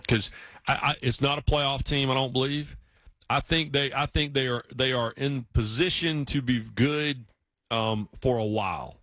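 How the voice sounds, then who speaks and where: A man's voice: mid-range voice, unhurried, fairly bright tone, dry recording. Man chatting in a dry, close sound. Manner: storytelling, acts out quoted voices. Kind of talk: casual chat.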